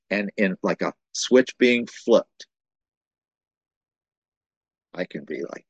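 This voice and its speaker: A male pastor preaches with passion, his low voice stumbling over repeated words before each point lands. The sound is dry and close, with no room around it. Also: unhurried, husky, no room sound. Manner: impassioned, repeats words while building emphasis. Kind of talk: sermon.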